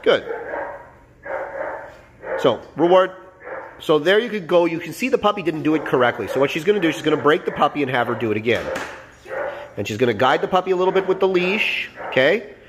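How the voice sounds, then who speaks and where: A man's voice: fairly high pitch, animated, brisk, long pauses, crowd noise. A man explaining a demonstration as a dog trainer, coaching and checking in with his listeners. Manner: explanatory, coaching, frequent "all right?" and "okay?" check-ins. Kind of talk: instructional narration over demonstration.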